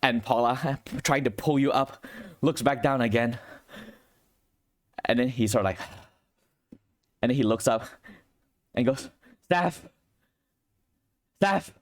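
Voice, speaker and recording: A man's voice: medium pitch, fairly even intonation, measured pace, long pauses. A man narrating a tense tabletop role-play scene as game master, full of "sort of, like" hedges. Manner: vivid, hedging with "sort of, like".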